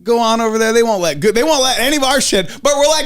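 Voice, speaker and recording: A man's voice: extremely high pitch, rapid-fire, fairly bright tone. A man co-hosting a podcast in casual chat, teasing his partner and laughing often. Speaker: podcast co-host.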